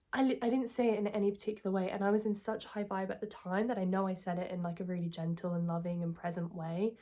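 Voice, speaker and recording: A woman's voice: lowish voice, steady tone, fast, hardly any pauses, warm tone. A woman, telling a personal story and giving self-help advice in a candid, reflective, earnest way.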